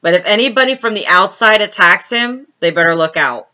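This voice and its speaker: A woman's voice: mid-range voice, lively intonation, a little fast, sharp tone. A woman hosting a casual live stream, chatting and laughing as she answers viewers' comments by name.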